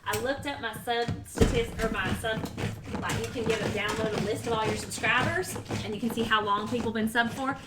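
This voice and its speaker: Reading her viewers' messages aloud, a female host keeps up chatty, teasing banter during a casual cooking livestream. She speaks briskly in a slightly high, steady voice over heavy background noise.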